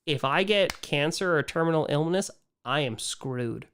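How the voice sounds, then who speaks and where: A man hosting a casual livestream Q&A, animated and ranting, swinging from excited outbursts to quiet, weary muttering. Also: a little high, measured pace, clean tone. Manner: ranting, frustrated. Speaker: livestream host answering viewer questions. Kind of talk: casual live-stream chat.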